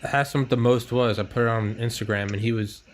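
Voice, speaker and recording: A man's voice: mid-range voice, steady tone, brisk, a little hiss or hum. A man hosting a podcast over a remote call, casual and laid-back, swearing freely and telling stories full of mimicked quotes. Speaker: podcast host. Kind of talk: casual chat.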